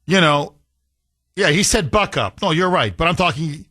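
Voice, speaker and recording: A man's voice: fairly high pitch, bright, forceful tone, no room sound. A man hosting a political talk radio show, delivering combative, sarcastic commentary straight into a studio mic. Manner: combative, sarcastic, rapid-fire.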